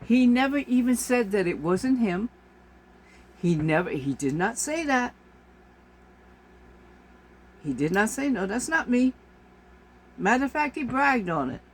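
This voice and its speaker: Fairly high-pitched and husky, this woman's voice has a sing-song lilt, a slightly slow pace, and long pauses. She's a vlogger delivering an exasperated monologue to camera, hammering her points through repetition.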